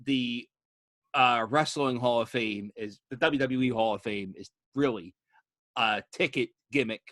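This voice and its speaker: A man hosting a casual wrestling chat, telling rowdy, profane stories and acting out quotes loudly. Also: medium pitch, measured pace, no echo, clean studio sound. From Philadelphia area. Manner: rowdy storyteller, swears a lot, acts out quotes loudly. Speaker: podcast host.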